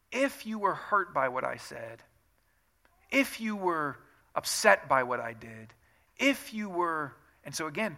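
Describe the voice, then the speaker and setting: A man delivers a church sermon with a bright, forceful voice that sits a little high. He acts out quoted excuses in shifting tones as he preaches. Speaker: pastor.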